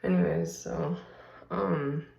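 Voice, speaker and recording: A woman's voice: sits low, fairly even intonation, slow, gravelly, warm tone, echoey room, highs cut off, slight background noise. A woman vlogging casually on a handheld phone while walking through her house, rambling and chatty. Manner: rambling, chatty, filler-heavy. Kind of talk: casual chat. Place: basement and rooms of a house, indoors.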